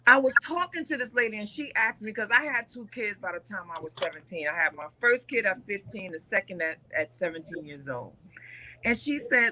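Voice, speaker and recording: A performer on a talk panel tells lively anecdotes. Her voice is bright and forceful at a middle pitch. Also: a little fast, rough recording. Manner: animated anecdotal storytelling. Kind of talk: casual chat.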